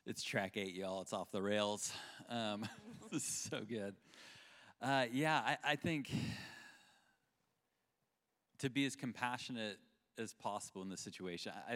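A man's voice: fairly low pitch, fairly bright tone. A man on a faith panel, talking reflectively about Scripture with some restarts. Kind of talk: panel discussion. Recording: long hall reverb.

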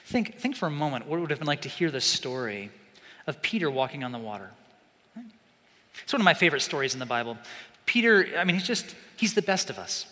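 A man preaching a sermon, animated, swinging from loud emphasis to hushed, slow asides. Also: fairly high pitch, in a large hall.

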